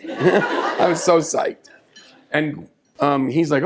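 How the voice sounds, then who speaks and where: A man telling a story live on a small café stage, animated and chatty, with asides to the audience. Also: fairly high pitch, extremely slow, breathy edge.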